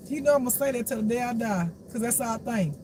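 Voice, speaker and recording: Brief: raw spiritual teacher, casual talk, profane and laughing, steady background noise. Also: fast talker. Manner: blunt, profane, laughing, swings from low mutters to shouts. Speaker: spiritual life teacher and reader. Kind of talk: casual unscripted monologue. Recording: noisy background hum.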